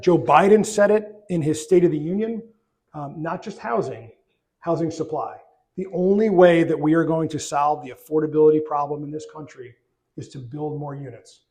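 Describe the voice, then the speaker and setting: A middle-aged man, a trade association chief, speaking at a luncheon in a relaxed conversational way with frequent restarts and fillers. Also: on the high side. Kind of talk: luncheon speech. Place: banquet room.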